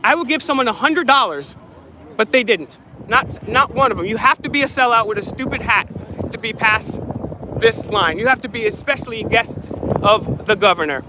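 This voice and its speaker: A man's voice: very high-pitched, expressive, normal speed, noisy background. A man vlogging live with a handheld phone outdoors at a public event, heckling and accusing officials in a confrontational rant. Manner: heckling, accusatory, shouting boos. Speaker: activist vlogger filming a protest. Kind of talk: live protest vlog commentary. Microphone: phone held while filming.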